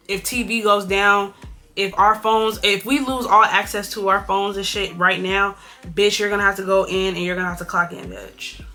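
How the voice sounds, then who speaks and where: A young woman from California chatting bluntly and with plenty of swearing while doing a makeup tutorial. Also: mid-range voice. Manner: blunt, profane, animated gossip. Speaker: beauty vlogger.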